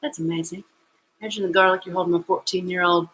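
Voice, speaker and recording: A woman's voice: on the low side, fairly even intonation, fast, fairly bright tone, reverberant, rough recording. A woman hosting a casual live cooking stream from her home kitchen, chatty and joking in a folksy way.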